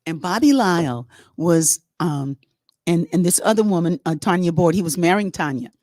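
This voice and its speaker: A middle-aged woman hosting, telling a story to her online audience in a lively, chatty, rambling way. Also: lowish voice, moderate pace, dry recording, clean studio sound. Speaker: host.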